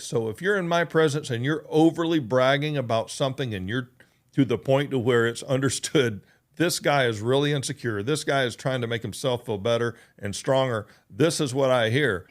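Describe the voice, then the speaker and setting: A man's voice: mid-range voice, normal speed. Earnest male podcast host. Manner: earnest, emphatic, repeats points. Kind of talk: motivational podcast monologue.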